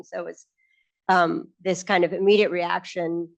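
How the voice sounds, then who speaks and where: A woman's voice: on the low side, fairly even intonation, moderate pace, creaky. A middle-aged woman on a lecture panel, eagerly recalling her years with her mentor. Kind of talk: personal reminiscence.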